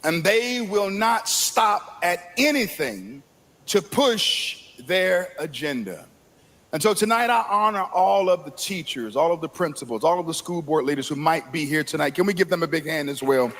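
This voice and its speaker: A man preaching a sermon, building from slow phrasing to impassioned shouts. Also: on the high side, animated.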